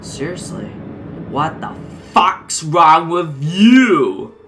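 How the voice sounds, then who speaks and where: A woman voicing a bewildered, hotheaded cowboy toy man who shouts in exasperation. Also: medium pitch, very animated, drawn-out words, a little hiss or hum, exaggerated voice. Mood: exasperated.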